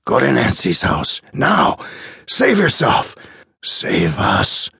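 Guy doing an old man patient in a storybook, gravelly and husky, begging and pushy. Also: mid-range voice, huge pitch swings, slow, pushed and bright, dry recording, clean studio sound, voice pushed up, heavily acted. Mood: frantic. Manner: urgent, insistent pleading. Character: frantic old male patient, urgent and pleading.

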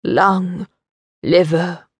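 A woman's voice: fairly low pitch, fairly even intonation, husky, dry recording, full character voice. Woman voicing a weary dying old man. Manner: quiet, slow, matter-of-fact.

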